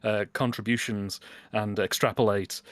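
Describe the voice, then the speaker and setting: A man's voice: fairly low pitch, steady tone, moderate pace, dry recording. A man from England with a British accent, chatting casually on a livestream with playful, mock-pompous wordplay. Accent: British English. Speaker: guest co-host.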